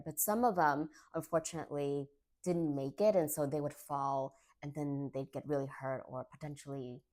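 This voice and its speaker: A woman with a low-pitched voice talks to camera in a casual book review vlog. She is chatty and gushing, filling her talk with likes and ums. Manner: chatty and gushing, with many fillers.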